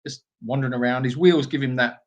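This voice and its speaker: A man's voice: mid-range voice, fairly even intonation, fast. A man co-hosting a live stream from an animal sanctuary, telling rambling stories in a casual chat. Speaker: sanctuary co-host.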